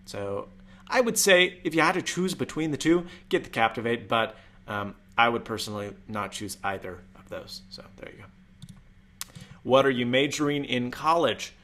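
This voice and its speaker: A man's voice: mid-range voice, animated, moderate pace, bright, forceful tone. A young man hosting a casual tech live stream, chatty and rambling, with jokey asides. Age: young adult. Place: home room.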